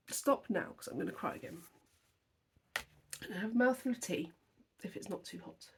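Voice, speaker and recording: A woman's voice: mid-range voice, lively intonation, normal speed, long pauses, breathy edge. A young woman chatting at home about her cross-stitch projects, rambling and emotional, filmed at her dining table. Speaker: flosstube host. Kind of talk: casual chat to camera.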